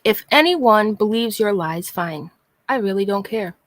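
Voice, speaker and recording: Sarcastic and exasperated, this woman vlogger delivers a casual rant at a measured pace, her medium-pitched voice lively in intonation. She sighs and keeps calling out one person by name, with no room sound in the recording.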